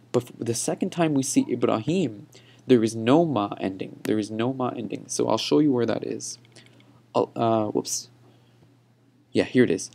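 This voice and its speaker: Young guy walking through pronunciation slide by slide, kinda gravelly and dark, says each word slow again. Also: mid-range voice. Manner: explains patiently, repeats words slowly for practice. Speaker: teacher. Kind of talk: pronunciation lesson over slides.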